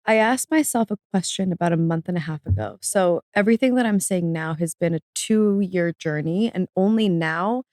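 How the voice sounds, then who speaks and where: A woman's voice: on the low side, moderate pace, few pauses, a little mellow, dry recording, clean studio sound. A woman being interviewed as a guest, speaking earnestly and reflectively about a personal experience, becoming tearful. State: tearful, emotional. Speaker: podcast guest, author.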